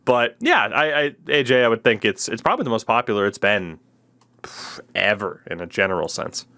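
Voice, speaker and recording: A man's voice: lowish voice, expressive, brisk, pushed and bright. Man, podcast host, casual chat, rambling, sardonic.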